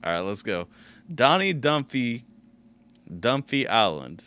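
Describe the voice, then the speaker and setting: A man hosting a live music reaction stream, bantering loudly with laughs and swearing. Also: medium pitch, sing-song, takes it slowly, smooth. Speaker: stream host.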